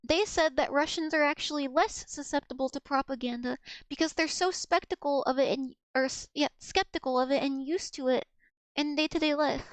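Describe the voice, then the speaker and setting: A woman's voice: sits high, brisk, no room sound. A young woman from the United States chatting casually on a livestream, rambling with restarts and giggles. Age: young adult. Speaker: streamer.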